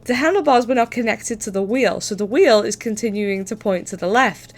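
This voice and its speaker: A woman's voice: a little high, fairly quick. Chatty, cursing young woman streamer. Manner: chatty, swears, laughs through her story. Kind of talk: casual storytelling chat.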